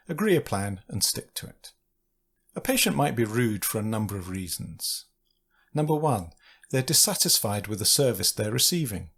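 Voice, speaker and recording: A man giving calm, measured instructional voice-over for a staff training video. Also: mid-range voice, husky. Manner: calm, measured, reads out example phrases. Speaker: training narrator.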